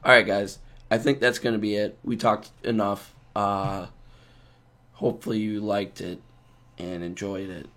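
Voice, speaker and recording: A man co-hosting a casual podcast, hoarse and rough-voiced from being sick, rambling in a loose, joking way. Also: fairly low pitch, level tone, a little slow, a bit bright. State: hoarse from a cold. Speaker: podcast co-host.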